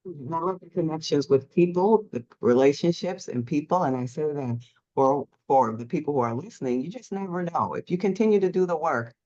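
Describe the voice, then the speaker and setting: Male podcast host, higher voice, encouraging, muffled lo-fi line. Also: brisk, a little mellow. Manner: encouraging, addresses listeners directly. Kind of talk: interview hosting. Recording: dull lo-fi audio.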